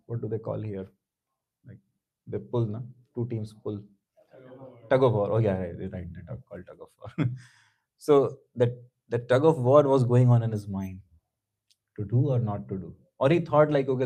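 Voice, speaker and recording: A man's voice: mid-range voice, moderate pace, dark tone, rough recording. A man teaching a scripture class, telling a story conversationally with many asides and chuckles. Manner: conversational, lots of "you know", chuckling.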